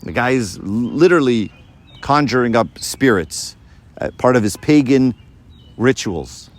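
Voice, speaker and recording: A man giving a sermon to a live audience, lively and full of rhetorical questions. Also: medium pitch, measured pace. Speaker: preacher.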